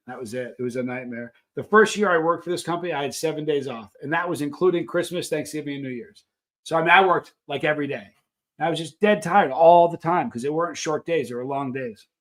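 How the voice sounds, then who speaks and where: Middle-aged male stream host, slightly high voice, loose rambling anecdotes full of restarts. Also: a bit bright. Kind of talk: casual storytelling to a live chat.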